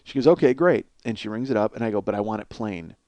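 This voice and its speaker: A comedy podcast host with a cold sore on his face gives a comic storytelling monologue, a rambling and profane tale poking fun at himself, chuckling at his own jokes. He talks fast in a lowish, warm voice with lively intonation, and there's no echo.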